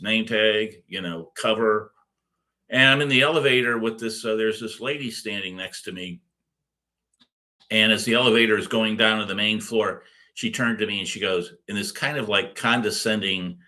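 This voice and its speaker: A man's voice: on the low side, sharp tone. A middle-aged man giving a casual recorded lecture as a course instructor, rambling with many fillers and restarts.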